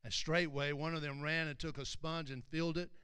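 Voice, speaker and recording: A man preaching a sermon, reading scripture aloud and explaining each verse, building from quiet reading to loud, emphatic preaching. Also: a little high, fairly even intonation, fairly quick, smooth, dry recording, clean studio sound.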